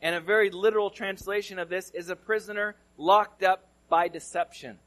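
A male pastor from California preaching a sermon, telling a story conversationally and swinging between loud and hushed delivery. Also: high-pitched, steady tone, moderate pace.

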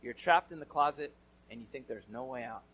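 Bright-voiced storytelling male pastor. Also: medium pitch, brisk, breathy edge. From California. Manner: conversational storyteller, swinging from loud to hushed. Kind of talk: sermon with personal story.

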